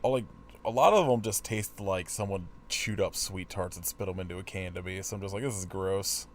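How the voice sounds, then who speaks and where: A man's voice: deep voice, brisk, slight background noise. A man co-hosting a podcast, chatting in a laid-back, joking way. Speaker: podcast co-host. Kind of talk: casual podcast chat.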